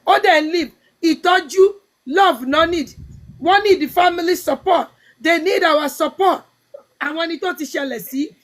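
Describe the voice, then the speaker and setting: A woman's voice: very high voice, normal speed. A middle-aged woman hosting a talk show, pleading with impassioned, tearful intensity and mixing Yoruba and English. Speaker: host. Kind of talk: emotional talk-show chat.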